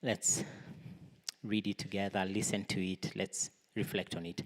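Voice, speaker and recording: A man's voice: sits low, little pitch movement, measured pace. A man preaching a sermon to a church congregation, earnest, raising his voice for emphasis and then dropping to a near-whisper. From Kenya. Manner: earnest, swings between raised emphasis and soft near-whispers. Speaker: pastor. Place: church hall. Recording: long reverb of a large hall.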